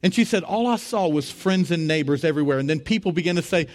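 Animated pastor telling a sermon story. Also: male voice, a little fast, hardly any pauses. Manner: animated, rising to high excited voices when retelling dialogue.

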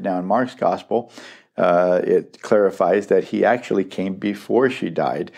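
A man's voice: sits low, unhurried, vocal fry, a little mellow. A middle-aged man teaching through a Bible passage verse by verse, emphatic and repeating key phrases for stress.

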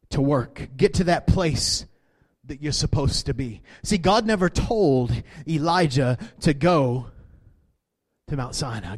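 A man preaching a sermon, swinging from quiet talk to shouting. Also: a little high, lively intonation, slow pace. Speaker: pastor.

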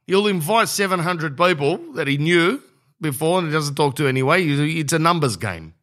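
Rambling Australian podcast host. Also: male voice, on the high side, animated, moderate pace, a bit bright. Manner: rambling, brash and jokey, says bro a lot. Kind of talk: comedic podcast monologue and host-read ad.

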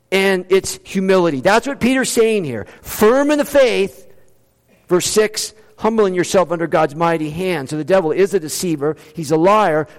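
A pastor preaching a conversational sermon, reading scripture aloud and dropping in humor, with quick bursts and slowed-down emphasis. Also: male voice, high-pitched. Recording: long reverb of a large hall.

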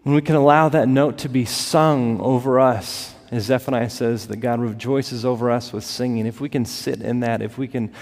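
A man preaching a sermon as pastor, building to emphatic peaks and dropping to soft, quiet lines. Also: mid-range voice, fairly even intonation, moderate pace, hardly any pauses. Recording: long reverb of a large hall.

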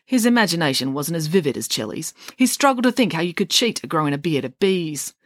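A woman reading a children's bedtime story with playful, deadpan humour. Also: low-pitched, fast talker, no echo, studio quality.

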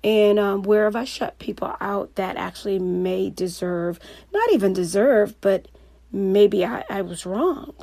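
Woman, coach, motivational talk, animated, frequent laughs, dry close sound. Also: mid-range voice, a little slow, creaky, no room sound. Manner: lively, anecdotal, laughs often.

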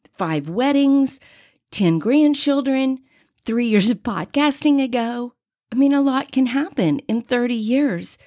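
A woman's voice: mid-range voice, no room sound, studio quality. A woman in her sixties, a podcast host telling personal stories in a faith-based podcast monologue. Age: 60s. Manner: animated personal storytelling.

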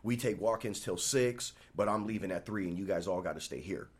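A man in his thirties, a barbershop owner talking as a guest on a casual podcast, animated and acting out the voices of the people in his stories. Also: sits low, brisk, husky. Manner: animated storyteller acting out quoted dialogue.

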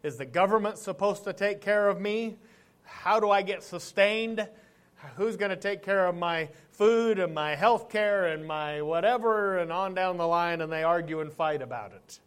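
Pastor preaching with a fairly high voice. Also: male voice, normal speed, clear, resonant tone. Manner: conversational preaching with asides to the congregation. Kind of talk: sermon.

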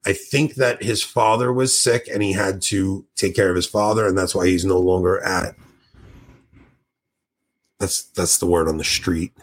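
A man's voice: sits low, fairly even intonation, measured pace. A man hosting a podcast in casual chat, enthusiastic and rambling, sounding tired. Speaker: podcast host.

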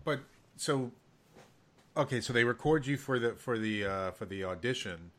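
Quiet male interviewer. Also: medium pitch, animated, moderate pace. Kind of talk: casual interview.

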